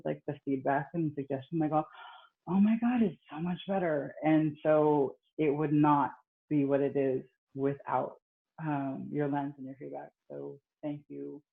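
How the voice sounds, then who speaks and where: A woman's voice: sits low, gravelly. A woman presenting her dissertation defense as a doctoral candidate, earnest and reflective. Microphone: video call. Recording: tinny video call line.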